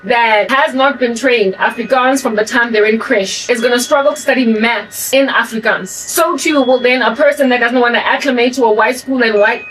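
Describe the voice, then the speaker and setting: A woman's voice: on the high side, normal speed, few pauses, fairly bright tone, recorded from a distance, slight background noise, rough recording. A South African woman whose accent has picked up an American tinge, talking in a rambling, emphatic monologue that repeats and restarts phrases. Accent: South African with American influence. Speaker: channel host. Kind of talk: casual monologue.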